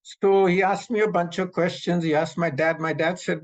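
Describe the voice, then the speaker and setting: A man in his seventies, from Pakistan, telling memories as an animated storyteller who acts out the dialogue. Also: high-pitched, normal speed, few pauses, poor audio. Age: 70s. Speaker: interviewee recounting memories. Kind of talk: storytelling reminiscence. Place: North America.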